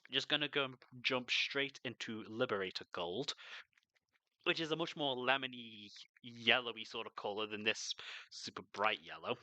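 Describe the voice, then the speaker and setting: A man's voice: medium pitch, normal speed, sharp tone, no echo. A young man chatting casually and swearing freely as he paints miniatures on a stream. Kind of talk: casual chat while painting.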